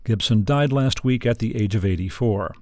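Measured male radio host. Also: on the low side, darkish tone, dry recording, studio quality. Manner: measured, clear, scripted intros. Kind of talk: broadcast interview and narration.

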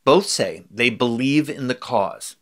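A man reporting a radio news story in a measured, scripted delivery. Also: mid-range voice, expressive.

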